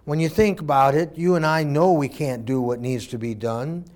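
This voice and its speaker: A man preaching a sermon in an animated way, acting out voices and swinging between loud and quiet. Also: a little high, normal speed. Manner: animated, acts out voices, varies loudness widely.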